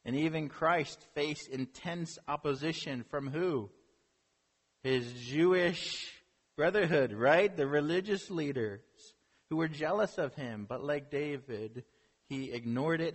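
A male preacher telling a story in a sermon, animated, asking rhetorical questions. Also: a little high, measured pace, breathy edge. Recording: long hall reverb.

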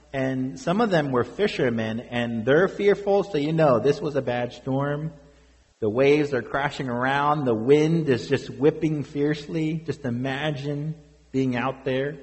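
A man's voice: mid-range voice, a little mellow. Earnest preaching man, reverberant hall. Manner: earnest preaching with rhetorical questions. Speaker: pastor. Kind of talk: sermon.

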